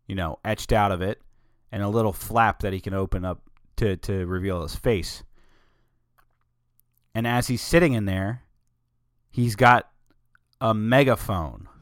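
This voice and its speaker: A man's voice: on the low side, no room sound, studio quality. A man hosting a solo show, talking casually in a rambling, opinionated way with many digressions. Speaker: podcast host.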